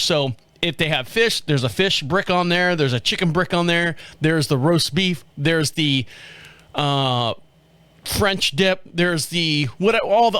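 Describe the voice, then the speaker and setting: Middle-aged man, podcast host, rambling and chuckling, slightly high voice, dry close sound. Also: fairly bright tone, clean tone, dry recording. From southern United States. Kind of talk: casual chat.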